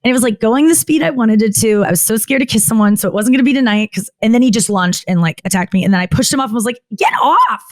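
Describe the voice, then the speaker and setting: Rambling, candid woman comedian, slightly high voice. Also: rapid-fire, few pauses, darkish tone, no room sound. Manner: rambling, frequent "like", self-interrupting; acts out quoted voices with jumps in pitch. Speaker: guest comedian. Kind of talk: candid podcast interview.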